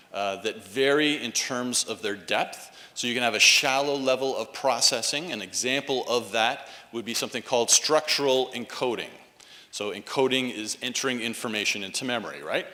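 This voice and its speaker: A man giving a university lecture, checking in with "right?" and coaxing the audience to answer aloud. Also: medium pitch. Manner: animated, frequent "right?" tags, coaxes audience responses. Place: lecture hall. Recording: echoey lecture hall.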